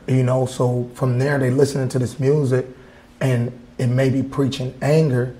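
A man's voice: mid-range voice, little pitch movement, moderate pace, warm tone, reverberant, rough recording. A male artist from Wisconsin talking in a casual interview in an art gallery, blunt and heated, swearing freely. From Wisconsin, USA. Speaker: artist guest.

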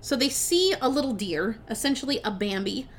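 Animated young woman recapping a movie. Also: on the high side, brisk. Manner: animated, swears freely, laughs while retelling. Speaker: podcast co-host. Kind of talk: casual movie recap chat.

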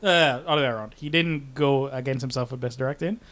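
A man's voice: medium pitch, fast talker. A man co-hosting a casual film podcast, telling stories with lots of energy and acting out the voices of the people in them. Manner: animated storyteller acting out quoted voices. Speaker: podcast co-host.

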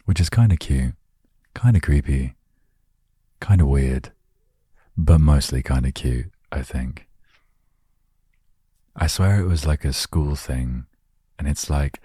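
A man with an extremely deep, dark and husky voice speaks slowly and gently into a close microphone inside his van. His rambling, self-mocking chat is meant to relax the listener. The sound is dry and intimate. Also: no room sound. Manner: gentle, self-deprecating, meandering. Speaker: host of a relaxation word show. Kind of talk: soft, rambling relaxation talk. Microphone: studio microphone, close.

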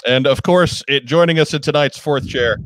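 A man's voice: on the high side, moderate pace, fairly bright tone, slight background noise. A man hosting a casual live video chat show, joking and often restarting his sentences. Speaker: host.

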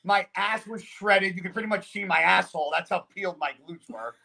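Man, podcast guest, swears a lot, lively anecdotes, slightly high voice. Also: fairly quick, gravelly. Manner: profane, animated storyteller. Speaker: podcast guest, pro bodybuilder. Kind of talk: casual storytelling.

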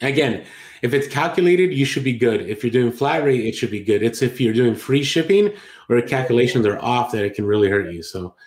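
A man's voice: medium pitch, expressive, fairly quick, darkish tone. Chatty man in an echoey room. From Latin America. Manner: rambling, self-correcting, chatty. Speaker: podcast co-host. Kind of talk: casual chat about online selling.

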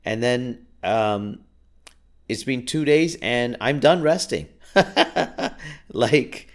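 A man's voice: medium pitch, lively intonation, drawn-out words. A man hosting a solo podcast from a booth, talking casually in a rambling, self-deprecating way with many restarts. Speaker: podcast host.

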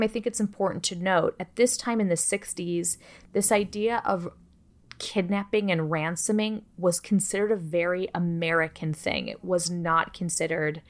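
A woman co-hosting a podcast, telling a true-crime story in a casual, chatty way, cursing freely and dropping joking asides. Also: fairly low pitch. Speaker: podcast co-host.

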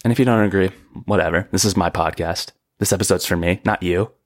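A young man hosting a podcast, ranting in exasperation and jumping into sudden high-pitched outbursts. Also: fast, no room sound. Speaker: podcast host. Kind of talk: comedic solo podcast rant. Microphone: podcast microphone.

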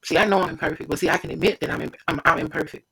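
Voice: mid-range voice, expressive, very fast, vocal fry, bright, forceful tone, slightly rough, rough recording. A preacher giving an informal devotional sermon, fervent and repetitive, speaking straight to the listener.

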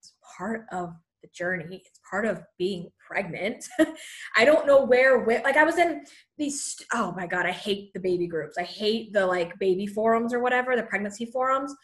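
Talking to her viewers at a normal pace, this woman in her thirties sounds animated in her mid-range voice. She's a pregnant vlogger giving advice, chatty and supportive, a bit breathless, with frequent "you know"s.

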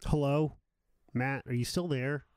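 A man's voice: medium pitch, fairly even intonation, a little slow, darkish tone, smooth, no echo. A man hosting an improvised comedy web show, profane and hot-tempered, berating his callers. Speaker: host.

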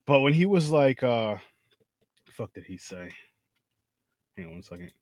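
A man's voice: medium pitch, very animated, normal speed, vocal fry, darkish tone, slight background noise. A man in casual, profane conversation about a film, rambling and restarting his sentences. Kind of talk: casual movie review chat.

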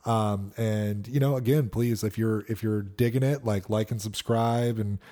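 A man's voice: lowish voice, fairly even intonation, measured pace, mellow. A man co-hosting a podcast in casual chat, laid-back and swearing freely. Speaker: podcast co-host.

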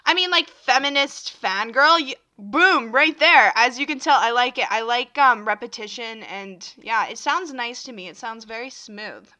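A woman's voice: fairly high pitch, expressive, normal speed, few pauses, sharp tone. A young woman hosting her own podcast, chatting casually and rambling with lots of fillers while she has the hiccups. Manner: chatty and rambling, many fillers and self-interruptions. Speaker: podcast host. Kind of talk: casual solo podcast chat.

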